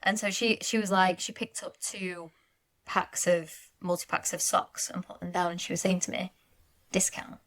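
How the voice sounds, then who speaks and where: A woman co-hosting a podcast, telling stories in a measured way in casual chat. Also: on the low side, fairly even intonation, a bit bright. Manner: measured, laughs often while recounting. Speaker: podcast co-host.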